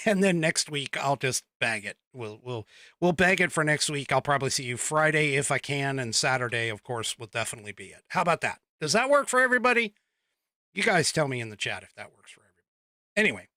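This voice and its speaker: A man's voice: medium pitch, bright, forceful tone, no echo. A man hosting a political podcast, rambling through news in casual live-stream talk, reading the chat aloud and chuckling often.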